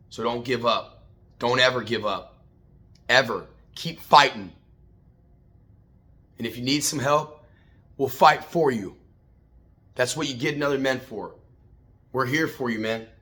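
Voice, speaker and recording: A man's voice: on the low side, pushed and bright. Profane, fired-up man giving a pep talk. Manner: addresses listeners as man and baby. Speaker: host. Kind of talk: casual motivational talk.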